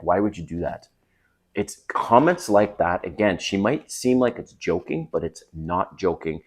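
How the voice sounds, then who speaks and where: A middle-aged man with a low, deep voice gives dating advice to the camera. He talks in a casual, emphatic way and often checks in with his listener as he goes.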